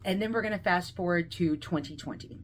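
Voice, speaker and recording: A woman of around forty on a video call, telling a deeply personal story and acting out the voices in it, moving between laughter and quiet grief. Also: fairly quick, slight background noise. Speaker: guest speaker sharing a personal story.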